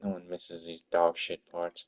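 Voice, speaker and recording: A man's voice: sits low, monotone, a little slow. A man streaming his game-development work, talking to himself in an exasperated, swearing rant. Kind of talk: livestream commentary while working.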